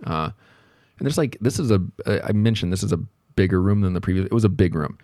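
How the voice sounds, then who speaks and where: A podcast host with a very low, warm voice tells a casual story from his working life at a quick, expressive pace. He rambles, loops back, pokes fun at himself, turns reflective, and uses many fillers. The sound is close and dry with no echo.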